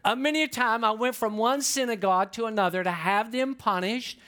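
A man's voice: high-pitched, brisk, pushed and bright. A man preaching a sermon in a conversational, explanatory way, putting questions to the congregation. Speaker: pastor.

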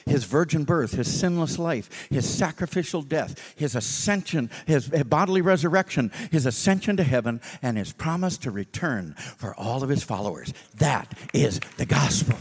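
A male preacher telling a story in a sermon, animated and acting out the dialogue. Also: mid-range voice, moderate pace, few pauses, slightly rough, in a large hall.

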